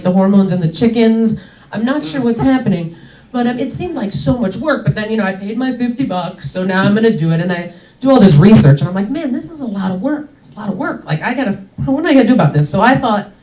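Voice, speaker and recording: A woman's voice: on the high side, darkish tone, far from the mic. Indignant woman comic in an echoey club. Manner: chatty, indignant, frequent "like" fillers. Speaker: stand-up comedian. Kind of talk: stand-up comedy set. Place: comedy club stage.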